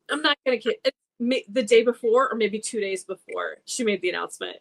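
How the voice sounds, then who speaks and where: A woman's voice: mid-range voice, fairly quick, gravelly, a bit bright. A woman co-hosting a fan podcast, chatting casually and enthusiastically. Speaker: podcast co-host.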